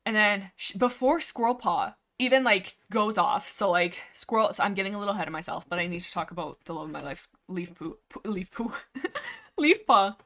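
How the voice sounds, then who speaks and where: Woman livestream host, casual book chat, excitable, rambling, headset mic. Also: medium pitch, quick pace, hardly any pauses. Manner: rambling, excitable, filler-heavy chatter.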